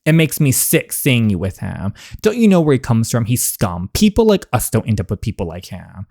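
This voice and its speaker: A man's voice: mid-range voice, huge pitch swings, normal speed, creaky, a little mellow, full character voice. A man voicing an arrogant young man who sneers at his sister's date, reading the lines in his own voice. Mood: sneering. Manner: sneering, snobbish.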